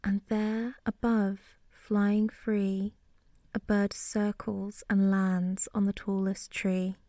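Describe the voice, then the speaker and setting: A woman softly whispering a rhyming bedtime story in a slow, soothing way, as whispered role-play. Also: medium pitch, level tone, dry recording, clean studio sound. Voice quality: soft whispering. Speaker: sleep story narrator.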